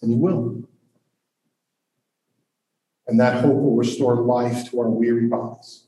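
Man, pastor, earnest sermon, mellow dark tone, roomy hall, distant mic. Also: medium pitch, level tone. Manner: earnest, reflective, with long pauses. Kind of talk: sermon and congregation Q&A.

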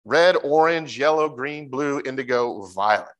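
A man preaching a sermon, telling stories in a lively way and jumping into high, excited voices when he imitates people. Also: unhurried, lo-fi sound. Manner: animated storytelling, mimics voices with big pitch jumps.

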